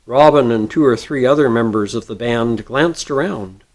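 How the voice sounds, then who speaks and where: A man reading a storybook chapter aloud with expressive narration. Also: mid-range voice, normal speed.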